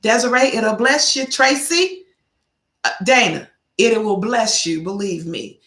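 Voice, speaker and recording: A woman's voice: on the high side, measured pace, a bit bright. A middle-aged woman giving casual motivational advice to her viewers, telling stories and repeating key phrases like a preacher. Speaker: vlog host giving life advice. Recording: roomy echo.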